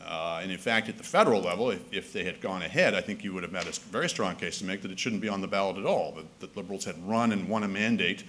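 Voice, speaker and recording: A Canadian man gives a keynote speech in a conference hall, speaking wryly and conversationally with frequent restarts. His voice sits low and a bit bright, and he talks quickly with few pauses.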